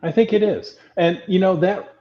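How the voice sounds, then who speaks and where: A man's voice: high-pitched, moderate pace, muffled recording. A man co-hosting a casual podcast, reading listener comments and chatting in a friendly, laughing way. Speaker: podcast co-host. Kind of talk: casual chat.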